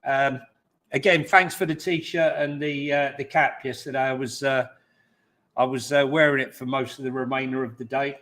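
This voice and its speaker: A man's voice: medium pitch, fairly even intonation, normal speed, fairly bright tone. A man co-hosting a live football watch-along, reacting bluntly and joking with his co-host. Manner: blunt, jokey, reacts to the match.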